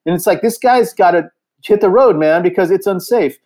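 A man's voice: high-pitched, a little fast, darkish tone. A middle-aged man, a touring musician, casually telling a profane road story and acting out the quotes. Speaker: guest musician.

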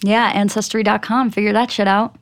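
A woman's voice: mid-range voice, little pitch movement, brisk. Wry, teasing young woman co-host. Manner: wry, teasing, laid-back. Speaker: podcast co-host. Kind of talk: casual pop culture chat.

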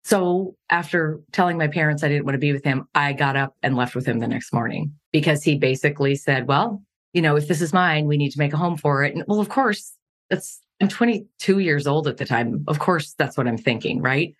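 Low-pitched woman from montana, middle-aged, telling her story openly, laughs at the hard parts. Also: brisk, hardly any pauses. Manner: earnest, laughs at painful memories. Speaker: podcast guest. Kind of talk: candid personal storytelling.

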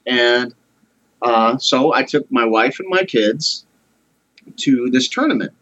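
A man's voice: mid-range voice, animated, slow, fairly bright tone, muffled recording. A man in his forties earnestly telling a personal story in a casual conversation. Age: 40s. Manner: earnest, heartfelt.

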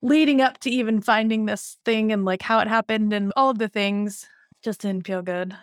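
A woman's voice: mid-range voice, steady tone, moderate pace, clear, resonant tone, no room sound, studio quality. Chatty woman podcast host. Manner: chatty, reflective, asks "you know what I mean?". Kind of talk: podcast interview.

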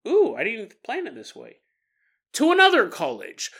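A man's voice: very high-pitched, huge pitch swings, normal speed, bright, forceful tone, breathy edge. A man hosting a podcast, telling ghost stories casually with playful, jokey asides. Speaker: podcast host. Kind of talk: casual paranormal storytelling.

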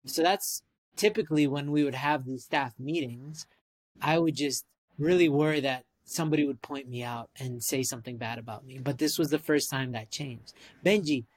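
Animated Canadian man telling stories. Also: mid-range voice, moderate pace. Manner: animated storyteller, lots of "like" and "right?". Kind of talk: casual chat.

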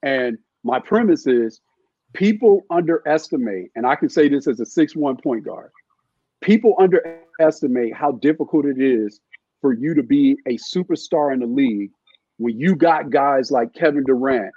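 A middle-aged man with a husky, slightly higher voice chats about basketball as a guest, stopping and restarting his sentences. The sound is dull and lo-fi, with a dry, close feel. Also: expressive, mellow, no room sound. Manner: halting, with many restarts and fillers. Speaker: guest, former NBA scout. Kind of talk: casual podcast chat.

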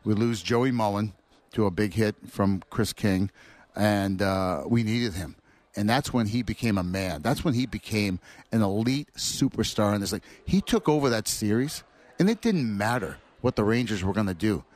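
A man, a former player, telling animated anecdotes as a guest. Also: on the low side, moderate pace, no room sound. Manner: animated storyteller acting out quotes. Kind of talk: anecdotal storytelling.

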